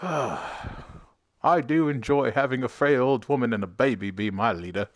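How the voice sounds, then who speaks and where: A man's voice: medium pitch, unhurried. A man giving casual, sarcastic commentary while streaming a video game, swearing now and then. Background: game music.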